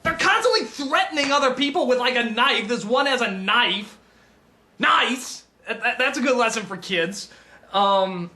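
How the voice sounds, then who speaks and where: This is a film reviewer, a man, ranting passionately and off the cuff. His excitement shows in stammers and restarts, and his volume lurches between loud outbursts and low grumbles.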